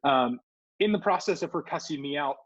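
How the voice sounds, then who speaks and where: His voice is a little high and brisk, captured in dull-sounding audio. He's a Southern California podcast co-host recounting a story in easygoing chat, acting out each quoted person with animated flair.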